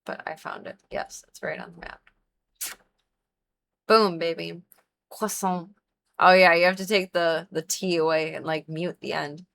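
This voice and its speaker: A woman's voice: lowish voice, fairly even intonation, unhurried, vocal fry, long pauses, fairly bright tone. A young woman livestreaming a video game, rambling casually and adding playful silly noises between her asides. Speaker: streamer. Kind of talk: casual gaming livestream chat.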